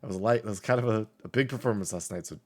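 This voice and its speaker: Low-voiced man running a tabletop game. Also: very fast, darkish tone. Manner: casual, laughing often, filler-heavy. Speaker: game master.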